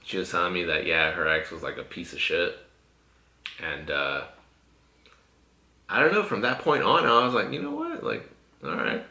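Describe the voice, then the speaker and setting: A man's voice: deep voice, lively intonation, normal speed, pauses often, pushed and bright, roomy sound. A man hosting a podcast, telling stories in a laid-back, profane way with lots of fillers. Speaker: podcast host. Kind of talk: casual podcast chat.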